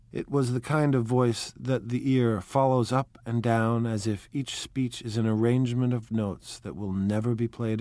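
A man reading a novel aloud in a measured, quietly expressive narration. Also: mid-range voice, no room sound. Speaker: audiobook narrator.

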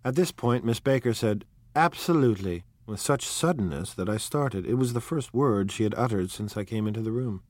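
A man reading a novel aloud in a measured, quietly expressive narration. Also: fairly low pitch, no echo. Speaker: audiobook narrator.

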